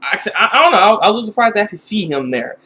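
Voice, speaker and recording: A man with a high, light voice talks through an anime episode in a loose, unscripted way. He restarts his sentences, leans on "like," and sounds exasperated. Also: big pitch swings, racing, pushed and bright. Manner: rambling, many restarts and "like". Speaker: anime reviewer. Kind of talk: casual spoken review.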